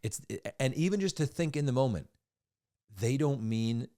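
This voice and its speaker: A man's voice: mid-range voice, animated, normal speed, warm tone. A man in his forties co-hosting a parenting podcast, explaining ideas earnestly with frequent restarts. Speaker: podcast co-host. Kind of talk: casual chat.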